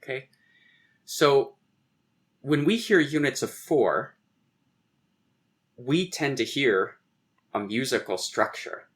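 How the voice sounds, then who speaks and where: A man's voice: mid-range voice, lively intonation, takes it slowly, long pauses, fairly bright tone. A man, a poet and guest on a podcast, explaining verse meter in conversation, tapping out rhythms aloud and reciting lines of poetry.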